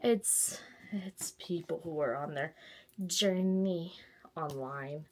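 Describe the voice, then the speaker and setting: A woman's voice: low voice, slow, darkish tone, a little hiss or hum. A young woman from Texas chatting casually to camera in a home vlog, self-mocking, with sudden squeals and whispered asides. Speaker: book vlogger.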